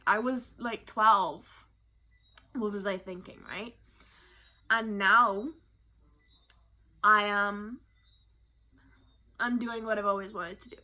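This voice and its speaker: A young vlogger from Barbados speaks candidly to camera about her life, rambling and emotional. Her medium-pitched voice is pushed and bright, steady in tone, slow, and she pauses often.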